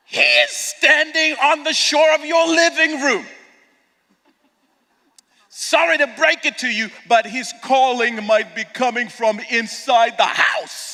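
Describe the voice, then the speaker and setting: Bright, high-voiced man preaching in a hall. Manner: playful, jokey, prompts the audience to respond. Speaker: youth conference speaker. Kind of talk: lively sermon to a youth crowd. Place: large conference hall, live event. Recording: long reverb of a large hall.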